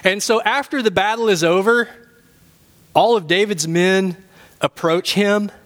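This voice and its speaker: High-voiced man preaching a lively sermon. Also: measured pace. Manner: animated, humorous preaching with rising emphasis. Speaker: pastor. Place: church.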